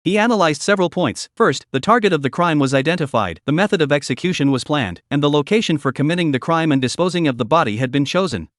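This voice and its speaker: A man narrating a recap story in a scripted, lively storytelling manner. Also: a little high, fast talker, few pauses, dry recording, clean studio sound.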